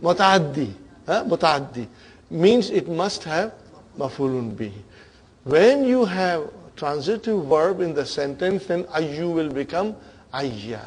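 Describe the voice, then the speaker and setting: Slow and very animated, a man with a slightly rough, somewhat high voice quizzes his Arabic grammar students with repeated questions. He murmurs quiet compliments along the way.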